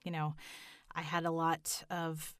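Chatty low-key woman with a smooth voice. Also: monotone, unhurried, no echo, clean studio sound. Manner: self-deprecating, chatty, many fillers and restarts. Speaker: voice actor guest. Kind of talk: casual interview chat.

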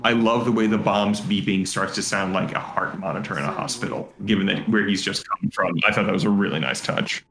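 A man's voice: deep voice, a little fast, few pauses, a bit bright. A man on a podcast talking through a story in a thoughtful, articulate casual chat. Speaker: podcast guest. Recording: roomy echo.

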